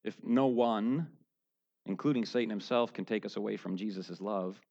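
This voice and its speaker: A man preaching a sermon, going from low, quiet talk up to loud, shouted high points. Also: normal speed, gravelly, muffled recording. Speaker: pastor.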